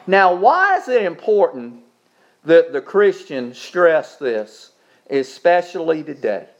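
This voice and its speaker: High-voiced emphatic male preacher. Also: big pitch swings, takes it slowly, fairly bright tone. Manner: emphatic preaching with repetition and call-and-response. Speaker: pastor. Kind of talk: sermon with prayer.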